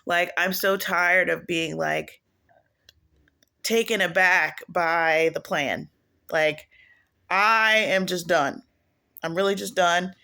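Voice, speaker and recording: A woman's voice: lowish voice, takes it slowly, vocal fry, pauses often, bright, forceful tone. A woman preaching casually in a home video, rambling and digressive, often restarting her sentences. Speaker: online prophetess.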